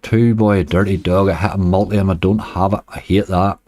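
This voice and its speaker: Faint game music plays as a Northern Irish man live-streams casino games, chatting with viewers and moaning about near misses. He speaks briskly in a steady, low and mellow voice, captured dry and close with no echo.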